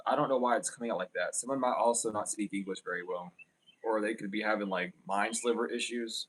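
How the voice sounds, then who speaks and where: A man's voice: medium pitch, a little fast, fairly bright tone. A man giving a casual livestream tarot reading, rambling and blunt, with lots of fillers. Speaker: tarot reader.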